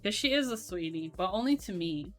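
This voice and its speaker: A young woman streaming, chatting casually while she builds a keyboard, in a voice she calls monotone and with frequent laughter. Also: medium pitch, fairly quick, soft background music. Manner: self-described monotone voice, laughs often.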